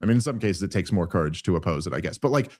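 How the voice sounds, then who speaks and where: A man's voice: deep voice, lively intonation, rapid-fire, darkish tone, dry recording, clean studio sound. A man hosting a podcast, ranting heatedly and sarcastically about politics, swearing often and restarting his sentences. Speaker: podcast host. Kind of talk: casual political commentary.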